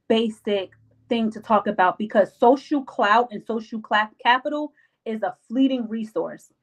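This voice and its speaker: A woman's voice: fairly high pitch, low-quality recording. A young adult woman hosting a live stream, giving casual life advice in an emphatic, slangy, repetitive way and acting out her friends' lines.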